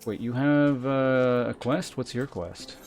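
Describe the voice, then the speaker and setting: A young man streaming a game, musing in casual, relaxed commentary. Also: medium pitch, takes it slowly. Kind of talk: casual let's-play commentary. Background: faint game music.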